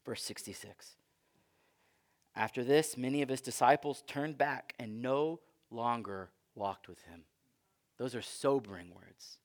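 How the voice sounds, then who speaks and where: A man's voice: mid-range voice, measured pace. A man preaching a sermon in a conversational, emphatic way. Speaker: pastor.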